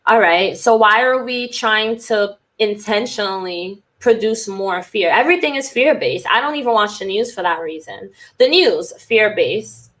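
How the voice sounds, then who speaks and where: A woman's voice: a little high, normal speed, few pauses, fairly bright tone. A woman podcast host and cult recovery coach in a candid, rambling casual monologue who swears freely.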